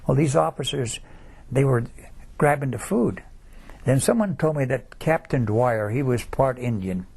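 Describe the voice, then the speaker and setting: Old vet in his 90s telling war stories, rough husky voice, keeps trailing off and saying you know. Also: medium pitch, animated, darkish tone. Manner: halting, rambling, with many restarts and "you know"s. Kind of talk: oral history recollection.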